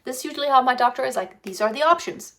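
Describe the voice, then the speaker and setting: A woman's voice: high voice, animated, rapid-fire, a bit bright. A woman in her fifties telling a rambling personal story, talking casually into a phone propped in front of her, with many fillers and restarts. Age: 50s. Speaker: vlogger. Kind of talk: casual pregnancy vlog storytelling. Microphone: phone propped on a stand.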